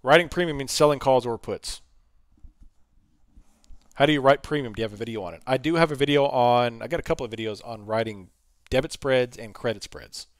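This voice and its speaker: A man hosting a casual trading livestream, his voice hoarse from talking, answering viewer questions and reading numbers off charts. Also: medium pitch, a little fast, no echo, studio quality.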